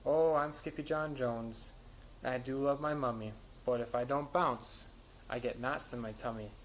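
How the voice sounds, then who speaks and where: A man's voice: mid-range voice, fairly even intonation, moderate pace, a little hiss or hum, close to an everyday voice, low-quality recording. A man voicing a playful, boastful kitten boy with a bouncy, sing-song delivery and mock Spanish flair. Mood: excited.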